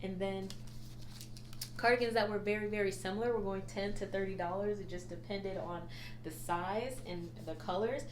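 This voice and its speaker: A woman's voice: medium pitch, normal speed, a little hiss or hum. Gushing woman in an echoey room. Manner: gushing, animated, laughs often. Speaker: reseller vlogger. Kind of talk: casual thrift haul chat.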